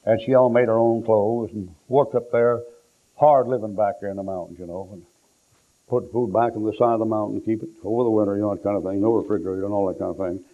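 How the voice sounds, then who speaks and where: Male preacher, folksy rambling sermon, lowish voice, tinny phone-like tape. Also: fairly even intonation, quick pace. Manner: rambling, restarts, down-home turns of phrase. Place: church.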